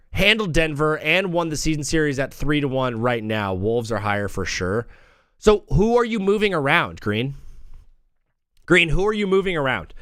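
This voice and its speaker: A man's voice: on the high side, fairly bright tone, no echo, clean studio sound. A young man hosting a live sports talk stream, brash and rambling, joking as he reads the chat. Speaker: sports talk show host.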